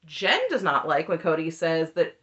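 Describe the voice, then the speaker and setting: A woman's voice: low-pitched, animated, normal speed, a bit bright, dull audio. A woman giving an opinionated, sarcastic recap of a reality TV show, laughing often as she talks. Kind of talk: opinionated reaction commentary.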